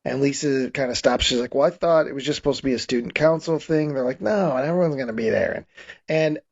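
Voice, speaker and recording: A male podcast host casually recaps a horror comedy, rambling, restarting sentences and laughing. He talks fast in a medium-pitched, gravelly, husky voice with a darkish tone, and the audio sounds dull.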